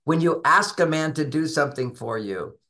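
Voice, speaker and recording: A man's voice: a little high, expressive, moderate pace, bright, forceful tone. A man who writes about relationships, giving emphatic advice and acting out both sides of little dialogues with his spouse. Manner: emphatic, instructive. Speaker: relationship author and guest. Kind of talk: conversational advice talk.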